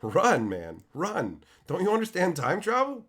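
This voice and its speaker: Middle-aged male streamer, sick and hoarse, profane, animated roast delivery, sits a bit high. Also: measured pace. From Canada. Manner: loud profane mock-insulting of chat. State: sick, losing his voice. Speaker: card-opening streamer. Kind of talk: live stream banter with chat.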